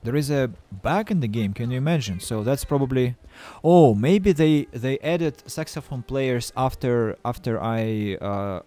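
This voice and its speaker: Halting man streaming a game. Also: medium pitch, warm tone. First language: Russian. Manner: halting, stammering restarts, playful self-mocking. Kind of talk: casual game-stream chat.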